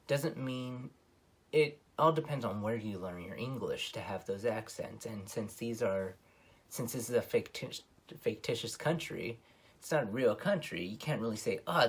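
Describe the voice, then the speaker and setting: Husky low-voiced man rambling about films. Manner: rambling, many ums and self-corrections. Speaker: movie reviewer. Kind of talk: casual spoken film review.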